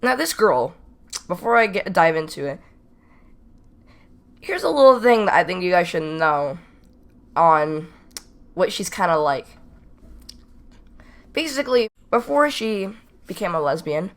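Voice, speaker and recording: A man's voice: sits high, measured pace, pauses often. A teenage boy casually telling a story from school, rambling and repeating himself as he goes. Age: teens. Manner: rambling, repeats "not even kidding". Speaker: storytime vlogger.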